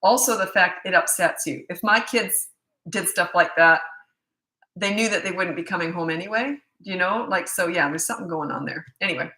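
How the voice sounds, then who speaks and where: A middle-aged parenting coach answers viewer questions in a casual live Q&A, chatty and blunt with self-deprecating asides. Her lowish voice is pushed and bright, at normal speed, in a reverberant space.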